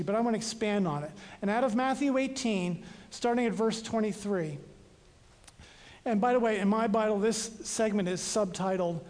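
A preacher delivers a sermon in a large hall, and the voice carries a long, ringing reverb. The delivery is highly animated, with the pitch leaping up and down and sudden jumps from loud, dramatic readings to soft, casual asides aimed at the congregation.

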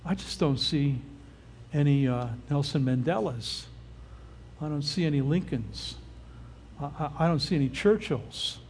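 An older pastor with a voice on the high side, expressive and a little mellow, preaches unhurriedly in a casual, conversational style. He often pauses to engage his listeners, and a little hiss or hum runs under the audio.

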